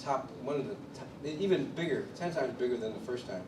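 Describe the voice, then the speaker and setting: A man from Chicago, a drummer, tells his story at a clinic in an animated way and acts out the voices of the people he quotes. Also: mid-range voice, brisk. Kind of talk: storytelling interview. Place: drum clinic in a studio room. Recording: distant mic in an echoey room with background noise.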